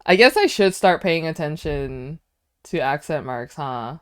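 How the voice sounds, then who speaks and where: A woman streamer talks her way through a language lesson, playful and chatty as she sounds out words. Her voice is smooth and clear, a little on the low side. She speaks slowly into a close, dry mic. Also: animated, no echo. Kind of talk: casual livestream chat during a language lesson.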